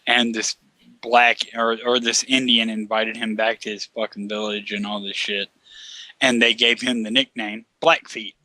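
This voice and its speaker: A man's voice: lowish voice, flat delivery, moderate pace, pushed and bright, no echo. A man telling a long, profane anecdote in casual chat, laughing often as he goes.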